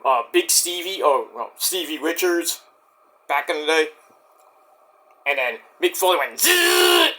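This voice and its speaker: A man's voice: high-pitched, a bit bright. A man reviewing a wrestling show in casual chat, rambling, sarcastic and profane.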